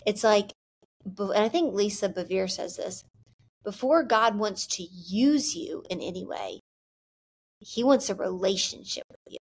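A woman's voice: mid-range voice, lively intonation, unhurried, breathy edge. A young woman talking candidly to camera about her faith, earnest and loose, full of "like" and restarts. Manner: earnest, candid, filler-heavy with frequent "like". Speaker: Christian vlogger. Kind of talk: heartfelt faith talk to camera.

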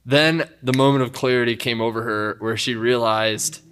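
A young man telling a story in casual conversation, animated and often laughing. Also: mid-range voice, normal speed, clean tone. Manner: animated, laughs a lot while telling stories.

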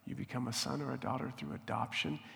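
Gravelly-voiced male preacher in a hall. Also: mid-range voice, big pitch swings, quick pace. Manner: earnest preaching, drops to a hushed prayerful voice. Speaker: pastor. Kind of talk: sermon.

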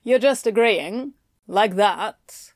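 A woman's voice: mid-range voice, slow pace, dry recording, studio quality, close to an everyday voice. A woman voicing a pushy male sales manager who lectures his staff in a bossy tone. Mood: lecturing.

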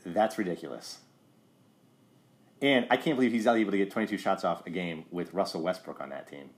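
A man's voice: low-pitched, fairly quick. A middle-aged man co-hosting a casual sports podcast, teasing and quizzing his co-host.

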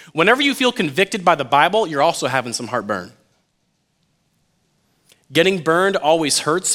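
A man delivers a relaxed, conversational sermon, talking straight to his young listeners. His voice sits a bit high and sounds bright, with pitch that swings a lot. He keeps it jokey and acts out the scenes as he goes. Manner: animated and jokey, acts out quotes, addresses listeners as "you guys".

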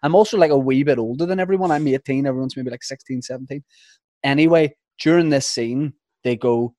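Young Northern Irish actor, dry and close, self-mocking, laughs easily. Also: male voice, medium pitch, brisk, dark tone, no room sound. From Northern Ireland. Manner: self-deprecating, laughs often. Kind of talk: casual chat.

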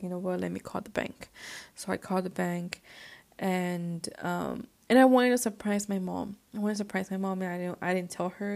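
A young woman hosts her podcast and tells a personal story in loose, casual chat. Her voice has a gravelly fry to it, and her pitch stays fairly flat. She leans on "like" constantly and drops into Spanish phrases now and then. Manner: filler-heavy, says "like" constantly, mixes in Spanish. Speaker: podcast host.

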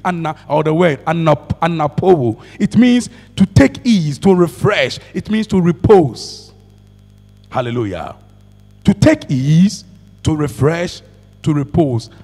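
Gravelly high-voiced preacher in a hall. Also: male voice, animated, normal speed, a little mellow. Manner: preaching with call-and-response and frequent hallelujahs. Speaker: pastor. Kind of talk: sermon. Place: church.

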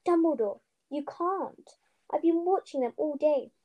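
A woman with a high voice reads a storybook aloud at a moderate pace, doing character voices, here a distraught, stern elderly witch professor. Her delivery is indignant, urgent and emphatic, and the sound is lo-fi.

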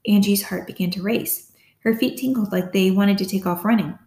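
A woman reading an audiobook as narrator, in a steady, close storytelling manner. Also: medium pitch, moderate pace. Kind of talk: scripted narration. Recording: roomy echo.

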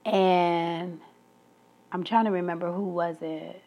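A woman's voice: fairly low pitch, steady tone, slow, dark tone. A woman talking through a personal story in an emphatic monologue, laughing between her points. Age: adult, past school age.

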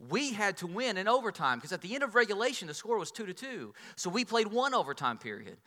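A man delivers a sermon to a congregation, his voice sitting high and bright. He tells stories with animated swings in loudness. The sound carries a long hall reverb. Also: fast talker. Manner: animated storytelling, swings between loud and soft. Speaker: pastor.

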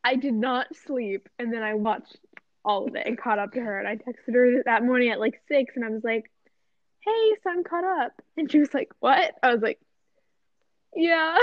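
A young woman co-hosting a casual podcast chat, rambling excitedly and saying "like" constantly. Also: on the high side, no room sound. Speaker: podcast co-host. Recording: dull, dry lo-fi sound.

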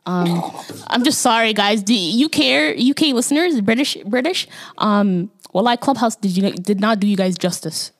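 A woman's voice: mid-range voice, moderate pace, hardly any pauses. A young woman co-hosting a podcast in casual chat, earnest and given to repeating herself for emphasis. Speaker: podcast co-host.

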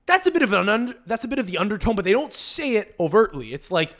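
A man's voice: high voice, very animated, fast, fairly bright tone. A man hosting a podcast, riffing in casual commentary on video clips with a profane, mocking manner. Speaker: podcast host.

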